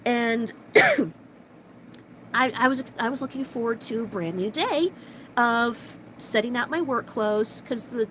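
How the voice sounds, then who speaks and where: A woman vlogger telling a personal story to camera, animated and sarcastic, with fast bursts of talk. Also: fairly high pitch, slight background noise, low-quality recording.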